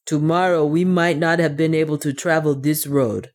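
A woman reading an audiobook voices a loyal male dwarf servant who answers in a low, matter-of-fact way. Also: steady tone, moderate pace, darkish tone, lightly acted. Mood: calm.

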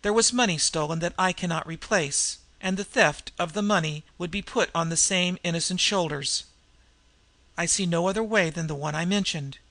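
A cool, defiant young woman thief in a storybook reading, as a male narrator puts her on. She talks steadily and stays composed. The voice is bright with a gravelly edge. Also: high voice, normal speed, no room sound, exaggerated voice.

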